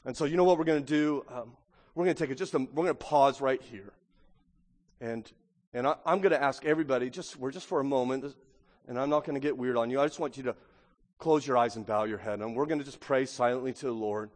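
A man's voice: medium pitch, fast talker, big-room sound. A male pastor preaching a sermon in an emphatic yet conversational way.

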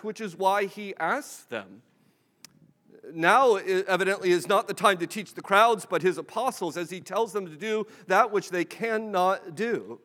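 A man's voice: sits high, a bit bright, long reverb tail. A man preaching a sermon in a conversational, humorous way, acting out bits of dialogue.

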